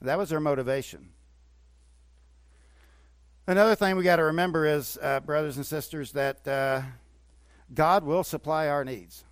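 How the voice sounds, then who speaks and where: A man preaching to his congregation. His voice sits a little high, swelling into emphatic bursts and dropping into quieter asides. The sound is dry and close, with no room echo. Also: normal speed, long pauses. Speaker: pastor. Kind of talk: sermon.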